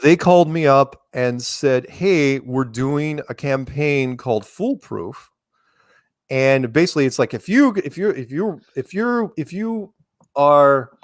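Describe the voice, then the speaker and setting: In a dry studio-quality recording, a middle-aged man from the United States rambles through stories as an interview guest, frequently restarting his words. His voice is medium in pitch.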